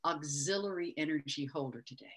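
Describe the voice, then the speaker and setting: A woman guest on a live stream, a psychic reader who speaks in an earnest, warm way. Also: sits low, fairly quick. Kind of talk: casual live-stream chat.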